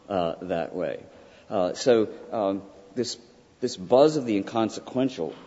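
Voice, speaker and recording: A man lecturing as a college professor, emphatic and often checking in with his listeners with a quick "right?". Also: low-pitched, warm tone, slightly rough. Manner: emphatic, peppered with "right?" asides. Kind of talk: classroom lecture. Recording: dull lo-fi sound with long hall reverb.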